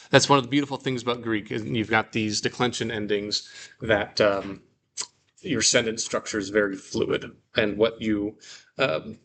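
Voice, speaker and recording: A man teaching a relaxed Bible Greek class, reading example sentences aloud and explaining them slowly with casual fillers. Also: lowish voice, gravelly, a little hiss or hum.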